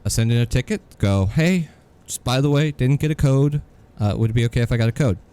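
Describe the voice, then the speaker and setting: A man's voice: mid-range voice, expressive, brisk, mellow, clear, resonant tone. A man co-hosting a podcast, telling a story in an exasperated, sarcastic rant. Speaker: podcast co-host. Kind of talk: casual ranting podcast chat.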